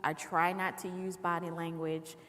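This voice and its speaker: Woman, panelist, measured deliberate delivery, lowish pitch, long hall reverb. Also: flat delivery, fairly bright tone. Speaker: panelist, nursing leader and researcher. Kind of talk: live panel discussion.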